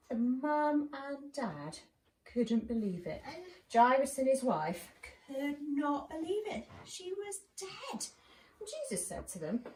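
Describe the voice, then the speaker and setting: A woman leading a children's church session, telling a Bible story with lively voices and asking the children questions. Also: a little high, measured pace. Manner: animated, asks children questions, acts out lines. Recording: roomy and distant with faint noise.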